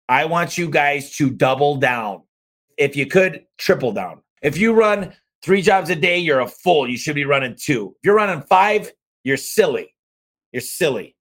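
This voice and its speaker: A man's voice: a little high, fairly bright tone. A man hosting a podcast, answering listener questions with punchy, emphatic business advice and sudden exclamations. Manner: talks fast by his own account.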